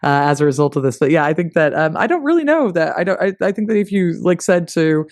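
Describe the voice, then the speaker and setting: A man co-hosting a casual history chat, animated and joking, often swearing and acting out little voices. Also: a little high, fast, no echo, clean studio sound. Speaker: podcast co-host. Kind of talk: casual conversational discussion. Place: lives in the UK.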